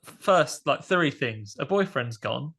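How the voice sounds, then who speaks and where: A man's voice: medium pitch, animated, takes it slowly, fairly bright tone. A man co-hosting a casual film podcast, joking and bantering. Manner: jokey, playful banter. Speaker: podcast co-host.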